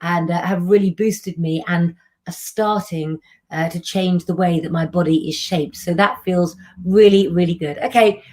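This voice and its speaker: A woman's voice: lowish voice, fairly even intonation, normal speed, darkish tone. Lady doing a live stream, chatty, calls everyone honey and darling. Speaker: astrologer hosting a livestream. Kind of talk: casual live-stream chat.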